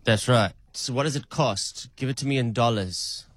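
A man in a casual, teasing mood, throwing odd questions at an AI phone agent. His voice sits at an ordinary middle pitch with a dry, close sound. He talks off-hand and amused. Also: normal speed, no room sound. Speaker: caller testing an AI agent.

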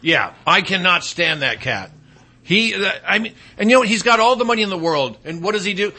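A male talk show host with a high, bright voice, loose and jokey in casual banter. He rambles a bit, drops fillers and jumps between thoughts. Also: brisk. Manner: animated, joking, trails off into fillers.

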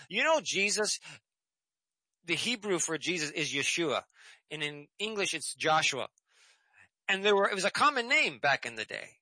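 A man's voice: on the high side, animated, a little slow, bright, forceful tone, no room sound, rough recording. A man hosting a call-in radio program, reading scripture and preaching emphatically, repeating key phrases, then taking callers. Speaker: radio show host and preacher.

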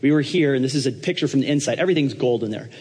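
A man's voice: mid-range voice, expressive, rapid-fire, darkish tone, breathy edge, big-room sound. A man preaching a sermon in a jokey, conversational way, checking in with his congregation. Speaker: pastor.

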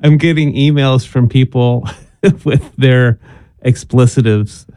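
A man co-hosting a radio show, easygoing and quick to laugh. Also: medium pitch, fairly even intonation, dark tone, clear, resonant tone, no echo, studio quality. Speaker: radio co-host. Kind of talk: casual on-air banter.

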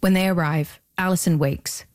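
Low-voiced woman narrating a documentary. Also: steady tone, darkish tone. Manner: measured, deliberate storytelling. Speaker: podcast host and narrator.

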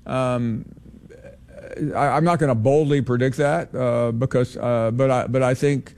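Measured male sports radio host. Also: medium pitch, steady tone, vocal fry, a little mellow. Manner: measured, hesitant, many "uh"s. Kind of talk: call-in sports talk.

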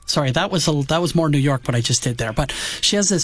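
A man co-hosts a music talk show with a high-pitched voice. He talks excitedly and throws in wry jabs. The sound is close and dry, with no room around it. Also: fast talker, few pauses, dry recording. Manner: enthusiastic, wry and teasing. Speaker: podcast host. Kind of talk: casual chat.

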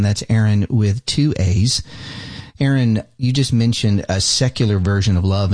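A man, a pastor who hosts a radio show, interviewing a guest in a steady, conversational way. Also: lowish voice, no echo.

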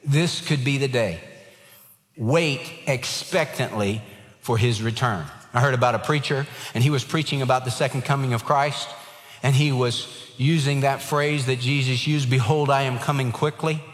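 A man's voice: mid-range voice, moderate pace. Earnest preacher man in a reverberant hall. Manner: earnest, emphatic preaching with a humorous anecdote. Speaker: pastor. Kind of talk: sermon.

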